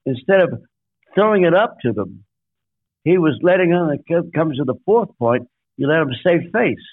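An older man speaks as a guest pastor, in an emphatic sermon-like storytelling voice that sits fairly high for a man. He counts off his points and acts out quotes. The sound is dry and thin, like a phone line. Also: very animated, normal speed, no room sound.

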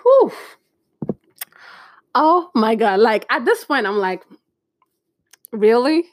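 A young woman in casual storytime chat, chatty and animated, acting out bits of dialogue with exclamations. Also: fairly high pitch, normal speed, dry recording, clean studio sound. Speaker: vlogger.

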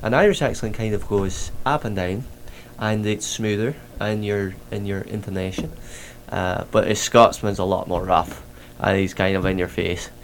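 A man's voice: lowish voice, steady tone, moderate pace, few pauses, a little hiss or hum. A man hosting a podcast in casual chat, rambling with lots of fillers and restarts. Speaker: podcast host.

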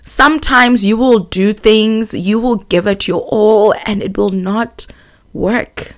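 A young woman voicing her gentle, patient grandmother, speaking in a soft, soothing, reassuring way. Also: mid-range voice, slow, natural voice. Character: gentle, patient older grandmother giving comfort.

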